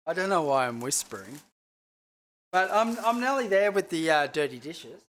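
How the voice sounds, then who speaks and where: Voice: mid-range voice, very animated, slow pace, pauses often, fairly bright tone. Rambling, swearing chef cooking live. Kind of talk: casual cooking livestream chat. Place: home kitchen.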